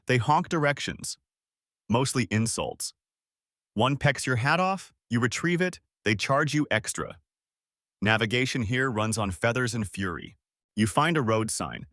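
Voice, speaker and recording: A man giving deadpan scripted narration in short, clipped sentences. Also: mid-range voice, dry recording, clean studio sound.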